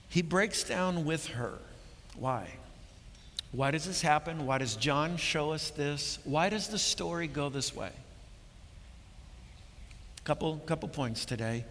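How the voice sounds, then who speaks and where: Bright-voiced preacher in a reverberant hall. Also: male voice, high-pitched, a little slow, creaky, long pauses, a little hiss or hum. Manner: earnest, building to emphatic preaching, repeats words. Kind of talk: sermon.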